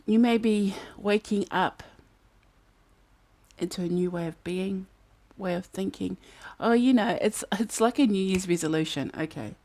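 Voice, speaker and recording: A woman's voice: medium pitch, measured pace, darkish tone. A woman, giving a casual tarot reading and chatting as she muses aloud over the cards. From New Zealand. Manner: chatty, musing aloud, breaks into snatches of song. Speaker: tarot card reader. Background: fan humming in the background.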